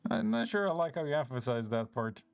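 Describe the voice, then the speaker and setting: A woman's voice: low-pitched, big pitch swings, fairly quick, creaky, noisy background. A woman streaming live, reacting to a game cutscene with sarcastic quips and jokes.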